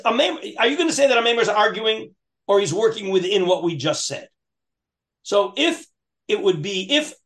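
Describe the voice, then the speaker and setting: In a Talmud class, a man with a high, slightly bright voice chants Aramaic passages in a lilting singsong. He then explains them to his students, often restarting and putting questions to them.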